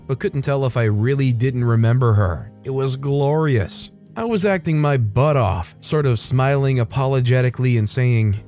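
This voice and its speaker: A man's voice: medium pitch, warm tone. A man hosting a storytelling show, reading a story aloud and raising his voice to act out the quoted lines. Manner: reads quoted lines in a raised, acted-out voice. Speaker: host reading online stories. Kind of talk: scripted storytelling narration.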